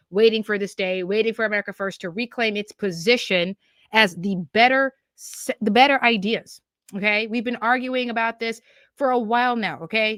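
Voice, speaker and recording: A woman hosting a political commentary podcast. She talks in an animated, emphatic way and keeps repeating phrases and tagging lines with "okay?" and "yo". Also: medium pitch, no room sound. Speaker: podcast host.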